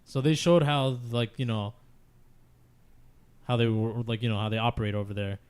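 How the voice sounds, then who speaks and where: A man's voice: medium pitch, steady tone, moderate pace, darkish tone, smooth. A man on a gaming podcast, talking loosely and frankly in casual discussion, with lots of filler words and casual swearing.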